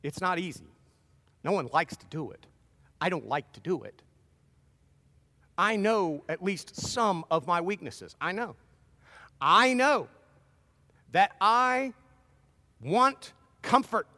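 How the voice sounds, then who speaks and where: A middle-aged man preaching a sermon, earnest and animated, with self-deprecating asides. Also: high-pitched, slow, long pauses. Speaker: pastor. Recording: long hall reverb.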